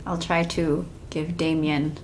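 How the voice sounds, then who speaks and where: A woman's voice: deep voice, flat delivery, slow, background noise. A woman co-hosting a let's play, chatting in a playful, giggly way. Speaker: let's play co-host and voice actor. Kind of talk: casual gaming chat.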